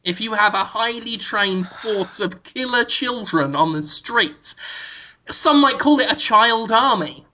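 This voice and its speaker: Podcast host, man, deadpan mock-serious delivery, bright and forceful tone. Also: high voice, a little slow, slight background noise. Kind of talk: casual podcast banter.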